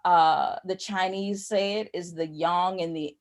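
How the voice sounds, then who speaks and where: A woman's voice: fairly low pitch, steady tone, measured pace. A woman talks through spiritual ideas at length. She rambles and repeats herself, circling back when she loses her thread. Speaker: spiritual teacher, guest. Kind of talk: conversational spiritual teaching.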